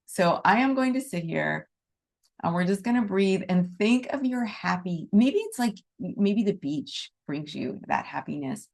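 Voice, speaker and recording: A woman teaching an online Reiki group, chatting with enthusiasm and then guiding a slow, soft meditation. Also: fairly low pitch. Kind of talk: casual chat and guided meditation.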